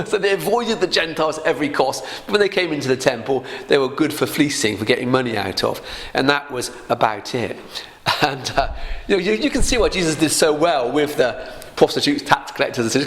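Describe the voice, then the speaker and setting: A man with a mid-range, fairly bright voice gives a casual, conversational Bible teaching. He often laughs lightly and poses rhetorical questions.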